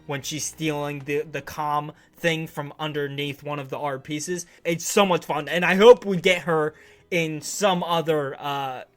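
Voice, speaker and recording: A man's voice: a little high, steady tone, unhurried. A man casually reviewing a TV series on his channel, enthusiastic and rambling, with lots of restarts and slang.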